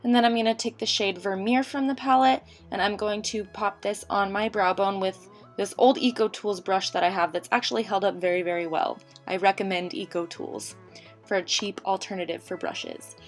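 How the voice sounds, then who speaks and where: Young woman, fast chatty makeup voiceover, winded, soft music underneath. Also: mid-range voice, fairly even intonation. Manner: rapid, chatty, slightly tongue-tied. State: out of breath. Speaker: makeup tutorial creator. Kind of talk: casual voiceover tutorial. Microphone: home voiceover mic.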